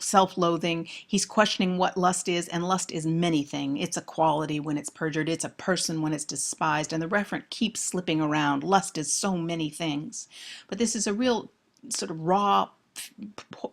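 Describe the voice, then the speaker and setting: A woman's voice: on the low side, creaky. A woman giving a close-reading lecture on poetry, thoughtful and emphatic on key words. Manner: thoughtful, emphatic on key words, reads verse aloud slowly.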